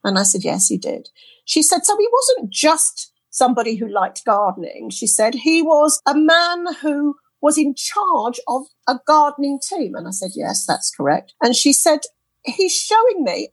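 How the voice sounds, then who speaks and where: Animated British woman telling a story. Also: high-pitched, dry recording, rough recording. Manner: animated storyteller who quotes others in lively voices. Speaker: interview guest, spirit artist. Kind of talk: storytelling in a podcast interview. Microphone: headset earphones.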